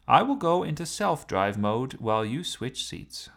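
A man voicing a talkative, polite self-driving sports car with a precise, matter-of-fact manner, with a lively, gravelly voice. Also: medium pitch, a little slow, voice pushed up, full character voice. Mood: chatty.

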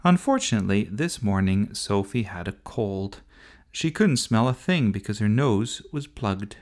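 A man reading a children's story aloud in a gentle, expressive manner. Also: fairly low pitch, measured pace.

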